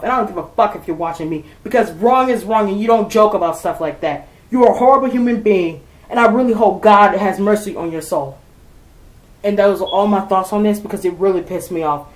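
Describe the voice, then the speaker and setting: A woman's voice: medium pitch, darkish tone, roomy sound, low-quality recording. A woman ranting heatedly to her viewers, swearing and repeating herself as she vents. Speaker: vlogger. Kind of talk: angry rant to camera.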